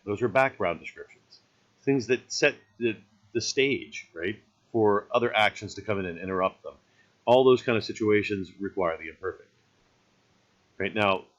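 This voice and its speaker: A man's voice: on the low side, muffled recording. A man teaching a recorded grammar lesson in an easygoing, explanatory way, often checking in with "right?".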